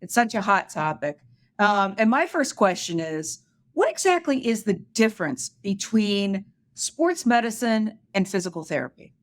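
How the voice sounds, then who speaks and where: A woman's voice: mid-range voice, big pitch swings, a little slow, dry recording. Cheerful woman host for a casual medical podcast, dry studio sound. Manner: cheerful, smiling, laughing easily.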